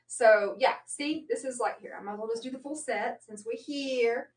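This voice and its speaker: A woman's voice: high-pitched, moderate pace, hardly any pauses. Chatty woman selling live, roomy and distant. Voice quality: chatty, rambling, many fillers and self-corrections. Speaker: live shopping host. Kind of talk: casual live-stream sales chat. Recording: roomy sound, mic at a distance.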